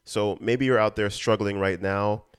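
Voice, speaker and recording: A man hosting a solo podcast, sincere and earnest, speaking in a relaxed talky way full of fillers. His voice is deep, smooth and resonant. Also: measured pace. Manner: earnest, sincere, with many "you know" fillers. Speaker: podcast host. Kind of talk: casual solo podcast talk.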